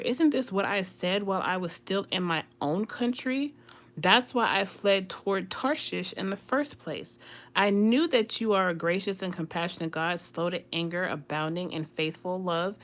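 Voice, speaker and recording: A woman's voice: lowish voice, normal speed. A woman leading a casual Bible study, reading scripture aloud and explaining it in a chatty, conversational way.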